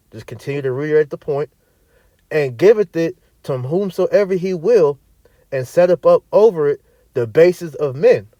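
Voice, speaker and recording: Emphatic preacher man, slightly high and dark. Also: no echo. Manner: emphatic, repeats "all right" and "man"; reads verses aloud in archaic wording. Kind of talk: scripture teaching.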